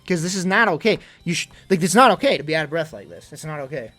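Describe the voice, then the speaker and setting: A young male streamer talks in a slightly high voice, out of breath as he rambles on in casual chat. He worries aloud, jumping between loud emphatic bursts and low mutters, with faint music playing behind him. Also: very animated, fast.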